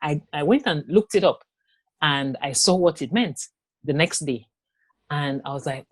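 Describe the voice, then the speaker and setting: A woman giving a personal testimony in an interview, telling her story haltingly with pauses, restarts and quoted dialogue. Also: sits low, expressive, breathy edge, dry recording. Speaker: interview guest.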